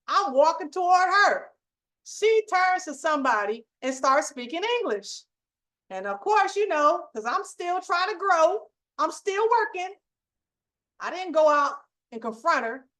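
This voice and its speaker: A middle-aged woman hosting her channel, telling a story in an emphatic, animated, conversational way to make a preachy point to viewers. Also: high voice, a little slow. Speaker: channel host.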